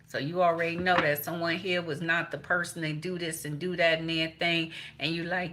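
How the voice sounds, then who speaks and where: A woman's voice: deep voice, steady tone, a little fast, bright, forceful tone. A woman doing a casual tarot reading, blunt and profane, laughing between points. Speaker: tarot reader.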